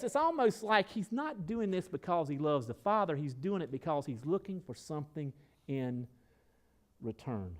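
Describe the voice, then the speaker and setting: Animated high-voiced male preacher. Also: measured pace, long pauses. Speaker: pastor. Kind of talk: sermon.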